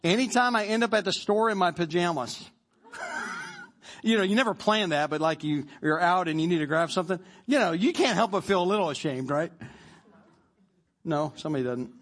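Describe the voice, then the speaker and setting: A man's voice: high voice, lively intonation, normal speed, fairly bright tone. A male pastor preaching a sermon to his congregation in a joking, conversational way, prompting them to answer back. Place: church service before a congregation.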